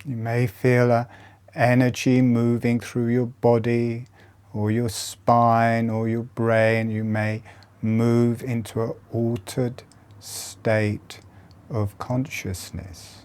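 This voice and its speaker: A man leading a guided breathing meditation, giving calm instructions softly with long pauses. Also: mid-range voice, clear, resonant tone.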